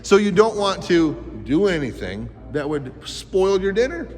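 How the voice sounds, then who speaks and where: A man's voice: high-pitched, sing-song, unhurried. A man teaching a life skills class to youths, talking with energy and quizzing the kids with questions. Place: school gym. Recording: echoey gym hall.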